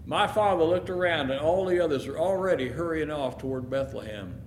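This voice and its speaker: Man, dramatic first-person storyteller, high lively voice, echoey room, faint hiss. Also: fairly quick. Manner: expressive, emotional narration.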